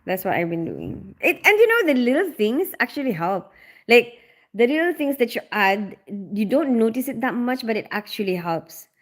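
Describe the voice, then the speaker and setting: A woman's voice: on the high side, sing-song, normal speed. A woman hosting a casual livestream, chatting and reading viewer comments aloud with frequent laughs. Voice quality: loud on calls.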